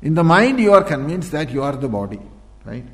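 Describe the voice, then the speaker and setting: A man giving a spiritual discourse, repeating points, posing rhetorical questions and often clearing his throat. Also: fairly high pitch, big pitch swings, brisk. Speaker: spiritual teacher. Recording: echoey hall with long reverb.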